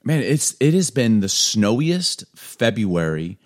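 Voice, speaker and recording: A man's voice: mid-range voice, big pitch swings, slow, a little mellow. A man from Chicago, around his forties, co-hosting a casual podcast and reflecting in rolling, repeated phrases. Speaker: podcast co-host.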